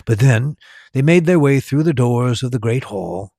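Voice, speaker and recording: A man narrating a story slowly and with animation, as a storyteller and tour guide. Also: mid-range voice, animated, dark tone, no room sound, clean studio sound.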